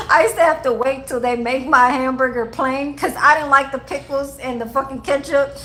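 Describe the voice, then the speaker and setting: A woman's voice: sits high, steady tone, moderate pace, bright, forceful tone, low-quality recording. Profane laughing woman in her forties. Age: 40s. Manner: profane, laughing storyteller who talks to her chat. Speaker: livestream host. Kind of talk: casual livestream chat.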